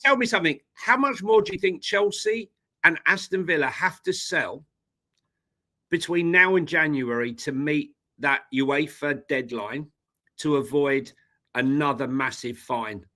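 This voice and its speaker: A man co-hosting a football talk livestream, asking questions in a lively, joking way. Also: fairly high pitch, a little slow. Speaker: co-host.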